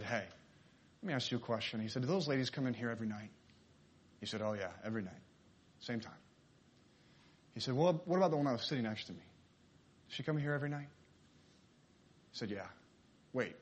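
A man at a middle pitch preaches through a story. He voices each character's lines as he tells it, in a sermon style.

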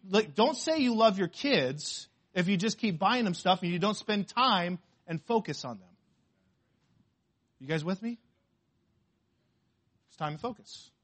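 High-voiced preacher, loud then hushed. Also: male voice. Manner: preaching with swings from loud emphasis to hushed asides; repeats key phrases, asks the congregation questions. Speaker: pastor. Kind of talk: sermon.

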